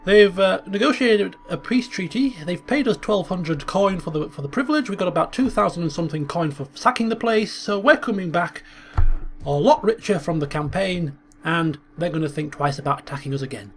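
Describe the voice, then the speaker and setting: A man's voice: high voice, expressive, brisk, faint music behind. A man hosting a strategy game video, thinking aloud in a chatty way with stumbles and small chuckles. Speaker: gaming channel host. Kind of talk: strategy game commentary with role-play asides.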